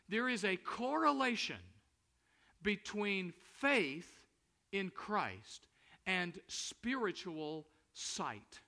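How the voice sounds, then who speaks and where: A man preaching a sermon in a high, bright voice. He reads the scripture aloud and hammers his points home by repeating them, and he slows right down on the words that matter. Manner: preaching with emphatic repetition and dramatic slowdowns. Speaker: pastor.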